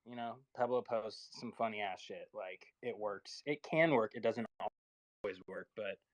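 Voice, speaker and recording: A man in a casual online chat, giving relaxed advice with some swearing. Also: on the low side, moderate pace, dry recording, poor audio. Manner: laid-back, advising, casual swearing.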